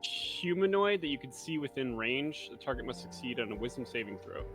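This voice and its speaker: A man playing a tabletop game, explaining his character's moves in a halting way with many fillers. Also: medium pitch, animated, fairly bright tone, faint music behind. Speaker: player.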